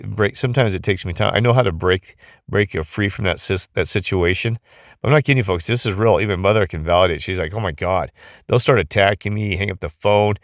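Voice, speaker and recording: A man's voice: low-pitched, dry recording, studio quality. A tired middle-aged man talking in a rambling casual monologue, often losing his thread and restarting, recorded on a phone. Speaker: vlogger.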